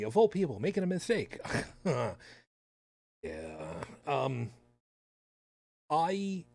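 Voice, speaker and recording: A man's voice: medium pitch, breathy edge, dry recording. A man hosting a podcast in casual chat, talking with sarcastic, rambling asides. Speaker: podcast host.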